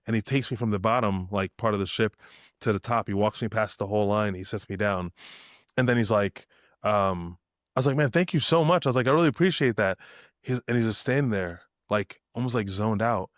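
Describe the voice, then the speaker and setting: This podcast guest, a young man with a fairly low voice, moves fairly quickly through spirited storytelling. He performs people's lines in changed voices, and the clean studio audio has no room sound.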